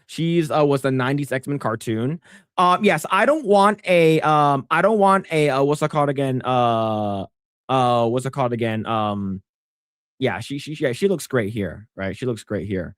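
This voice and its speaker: A man co-hosting a casual podcast chat who rambles with many restarts and stammers and gets animated when pressing a point. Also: medium pitch, moderate pace, no room sound, clean studio sound. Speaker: podcast co-host.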